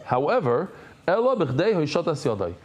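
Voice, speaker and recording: A man teaching a daily Talmud class. He is animated, repeats phrases, stops to explain Hebrew and Aramaic terms in English, and throws in joking asides to the class. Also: on the high side, moderate pace, dull audio, a little hiss or hum.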